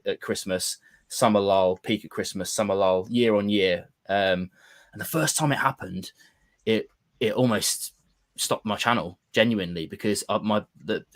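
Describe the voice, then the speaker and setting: A man hosting a casual roundtable chat, explaining things in a relaxed way and sharing tips. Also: fairly low pitch, no room sound. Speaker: show host.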